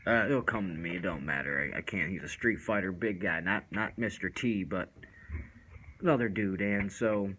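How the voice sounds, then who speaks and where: A man's voice: deep voice, normal speed, fairly bright tone, a little hiss or hum, poor audio. A man casually telling a first-person story in loose, rambling street slang with lots of fillers.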